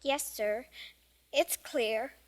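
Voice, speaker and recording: A woman's voice: on the high side, drawn-out words. An actress playing a frightened, insistent young girl in a 1950s radio drama, pleading and frantic.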